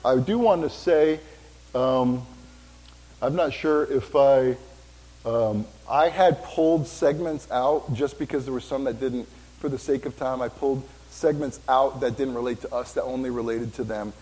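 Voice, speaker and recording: A pastor preaching a sermon in a church, talking casually with asides and questions for the congregation. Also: male voice, mid-range voice, measured pace, mellow, rough recording.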